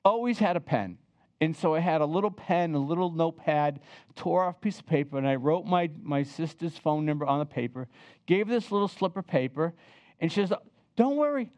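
An older man telling a personal travel story in a lively, chatty way, often turning to the listeners to share a memory. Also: on the high side, brisk, dry recording. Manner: animated, chatty, asks the listeners to remember with him.

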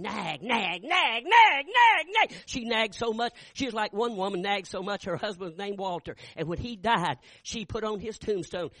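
An older man preaching a folksy sermon, acting out dialogue and rising to shouts. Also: high-pitched, dry recording. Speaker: Baptist preacher. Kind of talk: sermon storytelling with acted dialogue.

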